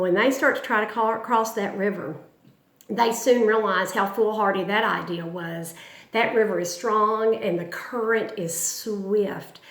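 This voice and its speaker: A woman's voice: mid-range voice, echoey room. A woman, teaching a history lesson in a dramatic, emphatic storytelling way.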